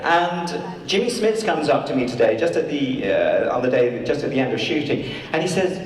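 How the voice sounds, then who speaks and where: A man's voice: mid-range voice, sing-song, normal speed, few pauses. A man answering audience questions at a live panel, theatrical and teasing, in a large convention hall. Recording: echoey hall, distant mic, faint noise.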